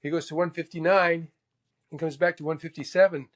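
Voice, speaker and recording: A man from Canada, a former tour golfer, telling stories as a guest in a lively, casual way, acting out quotes with sudden exclamations. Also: fairly high pitch, brisk. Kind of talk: casual storytelling.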